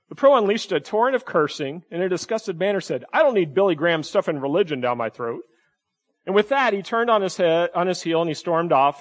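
A middle-aged pastor delivers a sermon in a loose, conversational way, often pausing to check in with his listeners. His voice sits a little higher than most men's. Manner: conversational preaching with frequent "right?" asides.

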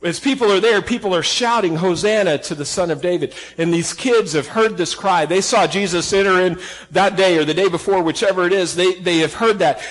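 A man's voice: sits high, a bit bright, in a large hall, low-quality recording. A man preaching a sermon, earnest and emphatic, asking the listeners questions and restarting phrases as he goes. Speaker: pastor.

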